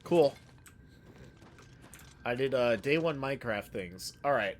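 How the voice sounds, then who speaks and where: This game streamer speaks slowly and animatedly at medium pitch, pausing often. He rambles, cracks jokes and reacts to chat, with a little hiss or hum in the background.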